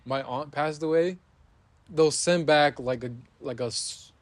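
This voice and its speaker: A young man hosting a casual podcast chat, telling stories in an animated way and acting out the people in them. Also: fairly high pitch, unhurried, no room sound. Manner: animated storyteller who acts out scenes with loud shouts. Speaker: podcast host.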